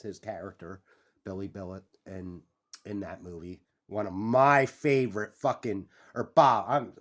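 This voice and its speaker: A young man hosting a casual vlog, rambling and excitable, swearing freely and jumping off on tangents. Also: fairly low pitch. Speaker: YouTube channel host.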